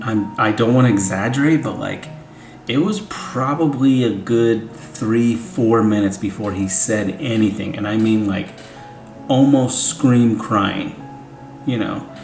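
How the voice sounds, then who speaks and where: A man's voice: medium pitch, darkish tone. A young man, a father, telling a family story in a casual, rambling way, full of "like" and "you know". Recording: echoey room, faint music.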